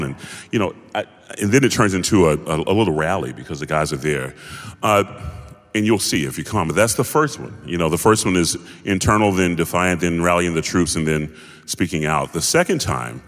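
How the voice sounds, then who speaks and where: A man with a very deep voice talks haltingly and thoughtfully about his role in a panel interview. The recording carries a long hall reverb. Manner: thoughtful, halting, many restarts. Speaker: singer-actor in a musical.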